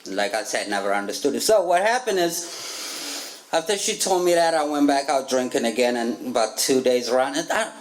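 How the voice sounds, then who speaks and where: A man from Africa, speaking with an African accent, shares his testimony at a recovery meeting in a meeting room, where the recording is echoey with faint ambience. His mid-range voice is expressive and moderately paced, and he laughs frequently while acting out what people said.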